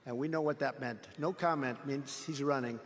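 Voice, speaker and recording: A man's voice: medium pitch, moderate pace, long reverb tail. A man giving an off-the-cuff political rally speech, boastful and repetitive, telling rambling stories in a large indoor venue. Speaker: political speaker.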